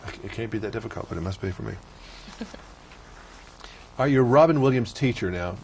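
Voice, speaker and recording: Fast-talking low-voiced man host. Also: animated, gravelly, background noise. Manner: self-deprecating, rapid-fire. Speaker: talk show host. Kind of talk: talk show interview.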